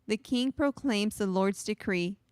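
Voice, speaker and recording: A woman reading scripture aloud in a raised, carrying voice during a casual Bible discussion. Her tone is smooth and clear, at a middle pitch, and the recording is dry. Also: a little slow, a little mellow, no room sound. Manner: reads aloud in a raised, projected voice.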